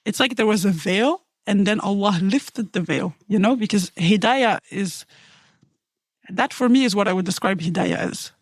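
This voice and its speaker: A woman's voice: medium pitch, moderate pace, no echo. A woman giving heartfelt personal testimony, earnestly retelling events and acting out the dialogue as she goes. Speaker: storyteller guest.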